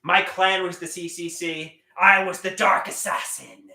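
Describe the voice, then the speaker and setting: A man hosting a live stream, rambling and singing improvised songs in a loud, crude, self-mocking way. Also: high voice, moderate pace, few pauses. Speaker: livestream host. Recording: roomy echo.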